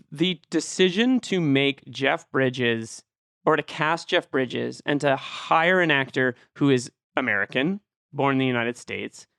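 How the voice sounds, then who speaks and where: A man's voice: mid-range voice, gravelly, a bit bright, clear, resonant tone, dry recording, clean studio sound. A man co-hosting a film podcast, animatedly building an argument in casual talk. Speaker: podcast co-host.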